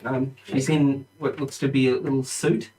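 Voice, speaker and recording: A man's voice: medium pitch, little pitch movement, normal speed, a little mellow, recorded from a distance, poor audio. Laid-back man narrating as dungeon master. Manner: loose, joking storyteller who jumps into voices. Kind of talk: narrating a tabletop game.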